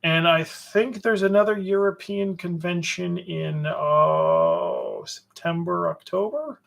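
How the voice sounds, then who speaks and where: Male livestream host, gravelly and slightly high, sardonic rambler with lots of fillers. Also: very animated, takes it slowly, fairly bright tone. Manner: sardonic, swears, trails off with fillers. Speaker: publisher hosting a livestream. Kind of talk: rambling livestream chat answering viewers.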